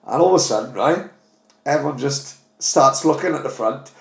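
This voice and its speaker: A man's voice: medium pitch, normal speed, vocal fry. A man, hosting a casual podcast chat and telling stories animatedly with lots of swearing. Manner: animated storytelling, heavy swearing. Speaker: podcast host. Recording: roomy echo.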